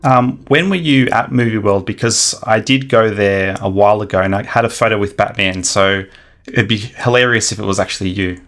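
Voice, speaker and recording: A man's voice: lowish voice, brisk, fairly bright tone. A man co-hosting a podcast in casual, playful conversation. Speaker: podcast host. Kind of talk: casual interview chat.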